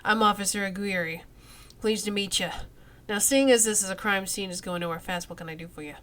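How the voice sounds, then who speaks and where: A woman's voice: mid-range voice, a little fast, fairly bright tone, natural voice. A woman voicing a sly, corrupt male police officer in a role-playing game, speaking in a slick, streetwise way. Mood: wry. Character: sleazy male cop fishing for bribes, sly.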